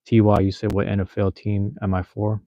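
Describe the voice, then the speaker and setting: A Seattle man hosts a casual livestream, chatting loosely with his viewers in slang and profanity. His voice is on the low side and mellow, with a level tone and fairly quick pace, and the audio sounds dull.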